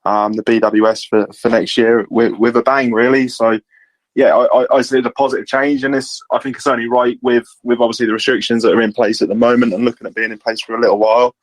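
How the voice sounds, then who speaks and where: A man's voice: mid-range voice, level tone, fast talker, no echo, poor audio. A man, a podcast guest, speaking hesitantly and repeating words as he gives his view. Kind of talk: casual podcast chat.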